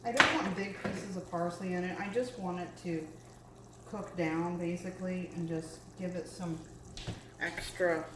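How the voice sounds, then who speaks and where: A woman with a lowish voice and fairly even intonation talks at a normal speed as she cooks, chatty and full of fillers and stray remarks. She's a home cook vlogger working in her own kitchen. The room sounds large, with loud background noise.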